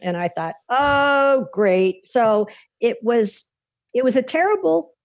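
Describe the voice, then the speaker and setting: A woman's voice: a little high, big pitch swings, measured pace, a little mellow, dry recording. A woman guest recounting a personal experience in an interview, a vivid storyteller who laughs often and restarts her sentences. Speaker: author and podcast guest. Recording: dull lo-fi dry recording.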